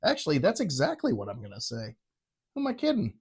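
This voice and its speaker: A man's voice: a little high, huge pitch swings, quick pace, breathy edge. A middle-aged man giving a casual, rambling and irreverent whiskey tasting review, poking fun at himself. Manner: rambling, irreverent, self-mocking.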